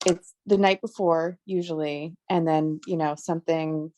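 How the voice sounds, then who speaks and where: Rambling woman caller, lowish voice. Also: steady tone, moderate pace, dark tone, slight background noise. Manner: rambling, many likes and restarts. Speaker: caller sharing an experience. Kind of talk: casual chat.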